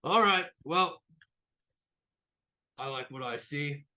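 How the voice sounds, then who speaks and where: A man doing a gruff towering ship captain. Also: fairly high pitch, lively intonation, slow, sharp tone, full character voice. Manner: blunt, swears, curt judgments.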